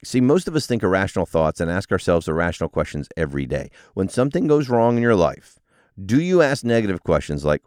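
A man hosting a solo motivational podcast, explaining ideas in an animated, coaching delivery. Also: low-pitched, quick pace, clean tone, dry recording, clean studio sound. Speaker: podcast host.

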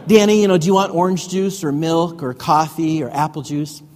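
Pastor putting on a doting elderly mother, sweet and fussy, pitched up and soft. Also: normal speed, in a large hall, a little hiss or hum, natural voice. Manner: sweet, eager, fussing questions. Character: doting elderly mother fussing over grown son.

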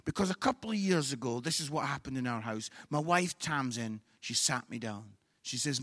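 A middle-aged man preaching a humorous sermon at a church service, telling comic stories and bursting into shouts. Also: mid-range voice, expressive, moderate pace, no room sound, clean studio sound.

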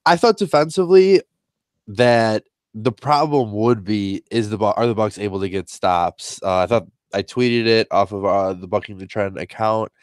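A man's voice: on the low side, normal speed, smooth, no room sound, clean studio sound. Nasal-voiced man with a cold. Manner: chatty, with fillers like um and uh. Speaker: podcast co-host. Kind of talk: casual sports podcast chat.

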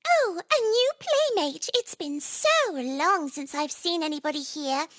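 A woman voicing a creepy, falsely friendly toy monster woman in a high, cutesy, sing-song voice. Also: lively intonation, measured pace, a bit bright, no echo, studio quality, heavily acted. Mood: sugary. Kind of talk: voice demo in an interview.

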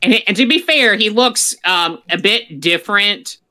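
A bright, clear voice belonging to a podcast co-host who rambles through opinionated pop-culture chat. The talk loops through a lot of fillers and restarts. Its pitch sits in the middle range. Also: expressive, a little slow.

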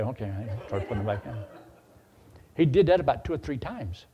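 A man's voice: mid-range voice, lively intonation, fast, mellow. An older man telling a story in a sermon, folksy and acting out the voices he quotes. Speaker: preacher.

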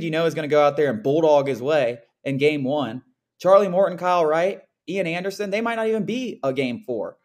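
A young man co-hosting a casual sports podcast, ranting with lots of "like" and "dude.". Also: fairly high pitch. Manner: animated ranting, frequent "like" and "dude". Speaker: podcast co-host.

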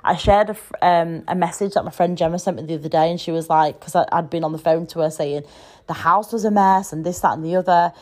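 A woman's voice: lowish voice, fairly even intonation, quick pace, a little mellow. A woman in her thirties with a British English accent, hosting a casual solo podcast from home, chatty and frank, swearing freely. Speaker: podcast host.

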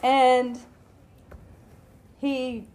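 A woman's voice: sits high, little pitch movement, extremely slow, darkish tone. A woman in her late twenties, a guest on a casual chat podcast, who tells stories with frequent giggles. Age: late 20s. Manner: giggly storyteller.

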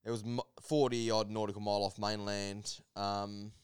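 A man telling a long story in casual chat, animated, laughing often and full of fillers. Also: fairly low pitch, moderate pace, smooth. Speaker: podcast guest.

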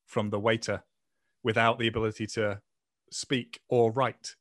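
A man's voice: on the low side, little pitch movement, a little slow, fairly bright tone, no echo, clean studio sound. A man hosting a casual podcast, playfully reading prompts and telling a long joke. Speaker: podcast host.

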